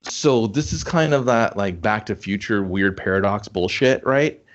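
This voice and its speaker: Man, low-pitched, casual movie review chat, rambling, questions the plot, muffled lo-fi audio. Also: normal speed. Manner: rambling, picks apart plot logic, frequent restarts. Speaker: co-host. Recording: dull lo-fi audio.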